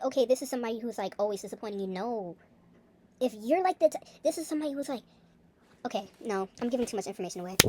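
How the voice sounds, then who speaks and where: A woman's voice: on the high side, darkish tone. A young woman talking in a casual, rambling video diary, full of fillers and asides. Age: young adult. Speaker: vlogger.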